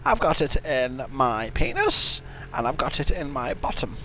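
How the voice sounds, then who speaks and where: A man voicing a cranky, crude elderly father with a gravelly, fussy, deadpan manner, improvising comedy over a video game. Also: medium pitch, unhurried, a little hiss or hum, heavily acted. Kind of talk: improvised comedy gaming commentary.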